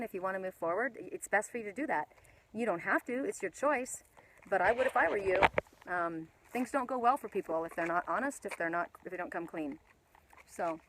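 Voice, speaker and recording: A woman spiritual reader chatting casually on a live stream, rambling and animated, talking into her phone outdoors in the mountains. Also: medium pitch, noisy background.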